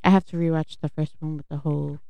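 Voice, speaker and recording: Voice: medium pitch, level tone, fast talker, vocal fry, a little mellow, clear, resonant tone, no echo, muffled recording. A podcast co-host in casual chat, laid-back, often answering with short agreeing replies.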